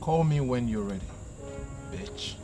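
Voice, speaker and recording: A man's voice: medium pitch, lively intonation, unhurried, lightly acted. Man as an arrogant crude rich man. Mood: condescending. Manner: condescending, insulting. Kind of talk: film drama acting. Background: film score music.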